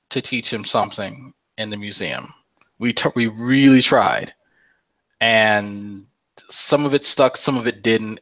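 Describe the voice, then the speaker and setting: A man's voice: medium pitch, fairly bright tone, no echo, lo-fi sound. A young man hosting a casual online commentary chat, blunt and exasperated, swearing often.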